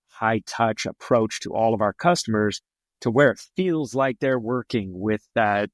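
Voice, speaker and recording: A man's voice: on the low side, no room sound. A man representing his company on a podcast, telling stories in a casual, rambling way with lots of fillers and restarts. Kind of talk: casual storytelling.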